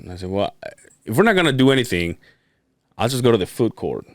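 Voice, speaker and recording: Male podcast host, animated and profane, casual storytelling, dry booth sound. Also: on the low side, a little fast, long pauses, no room sound. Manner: profane, animated storyteller, acts out quotes with laughs.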